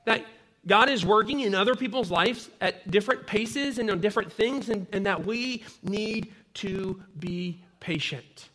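Male pastor, thirties, high bright voice, conversational sermon with personal stories. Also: measured pace.

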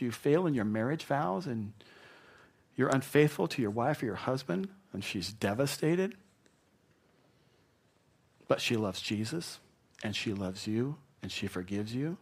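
A middle-aged pastor delivers a sermon in a mid-range voice with a breathy edge, vividly shifting his voice to act out quoted apologies and excuses.

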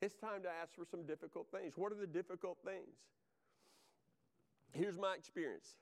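High-voiced fervent preacher. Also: male voice, moderate pace. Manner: fervent, exhorting, repetitive. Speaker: pastor. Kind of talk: sermon.

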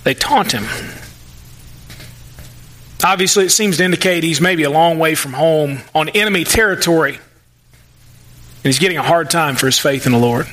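Male pastor, high bright voice, chatty sermon delivery. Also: moderate pace, pauses often. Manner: conversational preaching, acts out the psalmist's voice.

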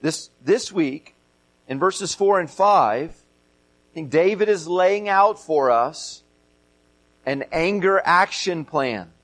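A man's voice: on the high side, animated, takes it slowly, a bit bright, poor audio. A middle-aged man preaching a sermon as pastor, earnest, often repeating and stressing key phrases.

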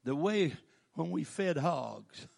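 An older man, preaching a folksy storytelling sermon that breaks into shouted praise. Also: fairly high pitch, expressive, takes it slowly, creaky.

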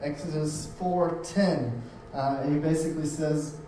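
A man preaching from across a very echoey room, his voice mellow and set back from the mic. He talks in a loose, conversational way, doubling up words as he goes. A faint hum sits under it. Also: on the high side, steady tone, a little slow, far from the mic. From United States. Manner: conversational, repeats words and restarts often. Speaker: pastor. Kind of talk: sermon.

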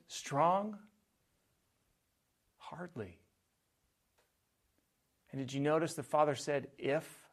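Slow, measured man preaching a sermon. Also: fairly high pitch. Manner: measured preaching, dropping soft on key phrases. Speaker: pastor.

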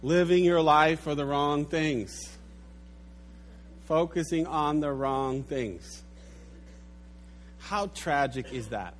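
A preacher delivers a sermon with animated storytelling and sinks low and quiet at the sad moments. His voice runs somewhat high for a man, with faint noise underneath. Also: slow, pauses often. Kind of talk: sermon with a told joke.

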